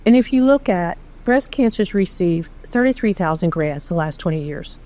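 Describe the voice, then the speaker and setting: A middle-aged woman from Texas tells her own story as an interview guest, candid and animated, with a self-deprecating streak. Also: lowish voice, moderate pace. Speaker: charity founder, interview guest. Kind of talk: conversational storytelling.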